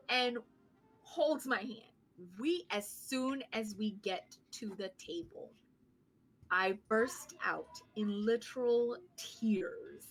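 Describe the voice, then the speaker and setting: A woman with a bright, crisp, fairly high voice tells a story on a podcast, lively, profane and self-mocking. Faint music plays behind her talk. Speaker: podcast co-host. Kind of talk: casual storytelling chat.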